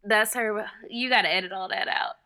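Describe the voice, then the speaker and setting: Young woman podcast cohost, bright voice, jokey and playful, slangy. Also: medium pitch, moderate pace, clean tone. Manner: joking, playful, casual slang. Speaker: podcast co-host. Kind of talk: casual chat.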